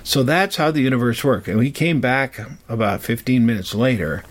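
A man telling a personal story in a rambling, halting way, with frequent fillers and restarts. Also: mid-range voice.

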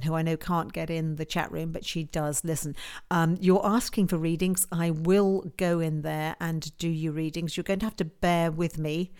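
A middle-aged woman hosting a live stream, telling a story casually and animatedly, with soft asides and emphatic bursts. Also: sits low, clear, resonant tone. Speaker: livestream host giving card readings.

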